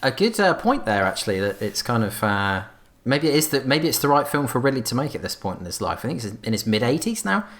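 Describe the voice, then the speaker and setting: A man co-hosting a podcast, talking casually and thinking aloud with many pauses and fillers. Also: medium pitch, sing-song, a bit bright. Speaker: podcast co-host.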